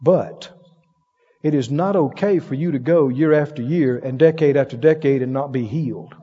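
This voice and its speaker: A man's voice: medium pitch, normal speed, breathy edge. A man preaching a sermon, telling stories with laughs and acted-out voices. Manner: animated storytelling with laughs and acted-out quotes. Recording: dull sound with long hall reverb.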